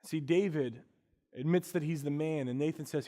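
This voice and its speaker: A male pastor delivering a sermon in a conversational, everyday way. His voice sits a bit high for a man. He drops to hushed, quiet lines, then rises into emphatic, louder stretches. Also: normal speed. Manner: conversational preaching, swings between hushed and emphatic.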